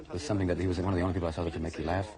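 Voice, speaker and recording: Very fast, low-voiced male storyteller. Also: crowd noise. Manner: rapid, animated storytelling that bursts into shouted quotes. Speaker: interviewee recalling a friend. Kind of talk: documentary interview.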